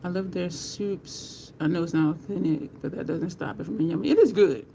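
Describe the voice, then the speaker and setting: Doing her makeup live, a middle-aged woman laughs often, chats away and greets her viewers by name. She has a lowish, gravelly, mellow voice and a moderate pace, and there's a little hiss or hum on the audio.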